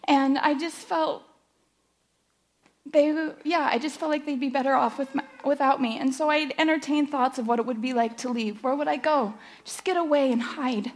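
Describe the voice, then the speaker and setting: A middle-aged woman giving a personal testimony at church, nervous and emotional, halting with fillers. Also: high-pitched, fairly even intonation. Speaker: church speaker sharing testimony.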